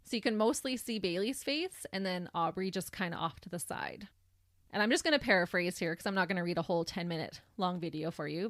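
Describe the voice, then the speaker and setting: A woman's voice: medium pitch, fairly bright tone, no room sound, studio quality. A woman hosting a podcast, recounting a true crime case in a sardonic storytelling manner. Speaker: podcast host.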